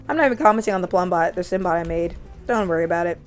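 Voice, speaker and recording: A woman's voice: lowish voice, rapid-fire, faint music behind. Chatty young woman narrating her game. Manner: chatty, easily excited, gasps and laughs. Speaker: gaming channel host. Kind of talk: let's-play commentary narrating a life-sim game.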